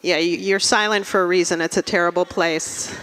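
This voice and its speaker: Deadpan Russian-born woman comedian. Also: on the low side, fairly quick, a little hiss or hum. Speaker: stand-up comedian. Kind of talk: stand-up comedy set. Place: large theatre stage. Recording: live theatre hall reverb.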